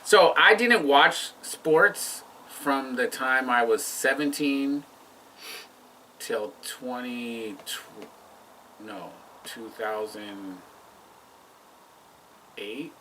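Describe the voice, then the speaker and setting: A man co-hosting a casual chat and patiently explaining sports. His voice is bright. He sits back from the mic, with a faint hiss behind him. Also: mid-range voice, very slow, long pauses, far from the mic, rough recording. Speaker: podcast co-host. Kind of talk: casual chat over drinks.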